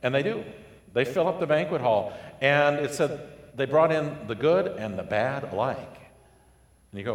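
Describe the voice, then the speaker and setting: A man preaching a sermon, telling a parable with lively storytelling and acted-out voices. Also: medium pitch, normal speed. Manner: animated storytelling, acting out voices. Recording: echoey hall with long reverb.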